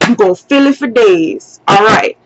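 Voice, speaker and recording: A woman telling a personal story to her camera in a storytime vlog, profane and animated, acting out her own shouting. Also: mid-range voice, moderate pace, no echo. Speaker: vlogger. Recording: dull lo-fi sound.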